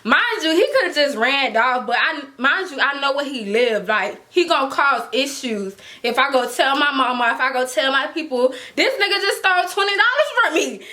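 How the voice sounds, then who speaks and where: A young woman spins a story to her camera with loose slang and frequent laughter. Her voice sits high and swoops widely, with a sharp, bright edge. She acts out the other people's lines as she goes. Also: normal speed, hardly any pauses. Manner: animated, slangy, laughs often, acts out quotes. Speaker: storytime vlogger. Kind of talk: casual storytelling.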